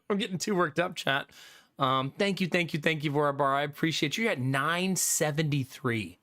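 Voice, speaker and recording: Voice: mid-range voice, moderate pace, a bit bright, dry recording, studio quality, faint music behind. A streamer chatting casually with viewers on a live stream, laughing often and thanking supporters.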